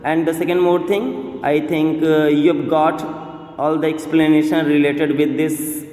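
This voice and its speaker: Slow, high-voiced teacher. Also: male voice, little pitch movement, darkish tone. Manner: explains slowly, repeats words, many fillers. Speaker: English teacher. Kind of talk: grammar lesson. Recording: echoey room with long reverb.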